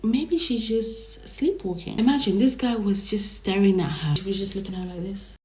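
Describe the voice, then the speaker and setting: Animated woman telling a story. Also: medium pitch, fast. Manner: animated, conversational, dramatic storytelling. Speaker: vlogger. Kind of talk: storytime vlog. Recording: roomy echo.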